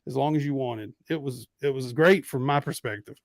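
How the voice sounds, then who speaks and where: A man in his thirties tells a story on his podcast, playing the other people's lines as he goes. His mic is close and dry, with almost no room sound. His pitch is mid-range for a man. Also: a little fast, no room sound. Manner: animated storyteller acting out quotes. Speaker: podcast host. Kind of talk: casual storytelling chat.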